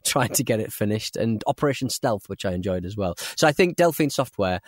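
A northern English man with a fairly low voice co-hosts a podcast. He rambles and chuckles as he talks. The sound is dry and close. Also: expressive, a little fast, dry recording. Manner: rambling, chuckles through his sentences. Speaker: podcast co-host. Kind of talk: casual podcast chat.

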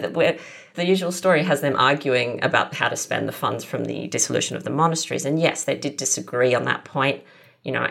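Woman, very deep gravelly voice, podcast guest, discursive historian. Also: a bit bright. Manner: thoughtful, explains at length with many asides. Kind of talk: podcast interview.

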